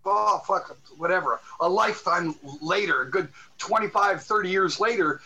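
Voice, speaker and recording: Guy in his 60s, high bright voice, rambles and swears a lot. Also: normal speed, highs cut off, soft background music. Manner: profane, rambling, with restarts. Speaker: guest musician. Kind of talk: casual storytelling.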